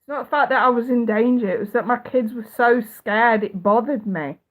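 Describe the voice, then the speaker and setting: A woman's voice: fairly high pitch, a little fast. A woman with a blocked, stuffy nose, hosting a casual livestream as a psychic reader, chatty, swearing freely and laughing often. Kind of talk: casual livestream chat answering viewers.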